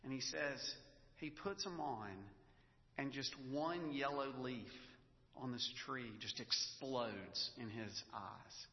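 A man's voice: mid-range voice, slow pace. A man preaching a sermon as pastor, talking in a conversational way and telling stories with feeling. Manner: conversational, storytelling, emotional at times. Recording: echoey hall, dull lo-fi sound.

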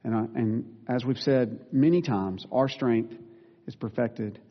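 A male pastor preaching a sermon, earnest and plain-spoken, with self-deprecating asides and quick corrections of himself. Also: mid-range voice. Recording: dull sound with long reverb in a large room.

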